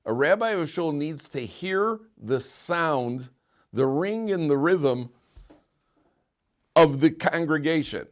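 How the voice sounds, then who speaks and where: A man, a rabbi, giving an informal Torah class to students, asking rhetorical questions and restarting phrases as he talks. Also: a little high. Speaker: rabbi teaching a yeshiva class. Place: yeshiva classroom.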